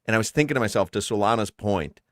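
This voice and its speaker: A man co-hosting sports radio, relaxed and wry. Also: fairly low pitch, quick pace, dry recording, clean studio sound.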